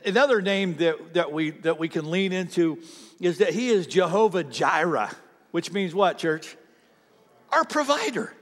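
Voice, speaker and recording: A man preaching a sermon to his congregation with great passion, swinging from near-shouts down to quiet, intimate asides. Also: fairly high pitch, moderate pace, in a large hall. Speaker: pastor. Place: church sanctuary.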